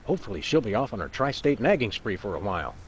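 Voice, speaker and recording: An actor voicing a polite, easygoing dog detective in a cartoon game, courteous and dry. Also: male voice, fairly low pitch, big pitch swings, fast, slightly rough. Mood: mild.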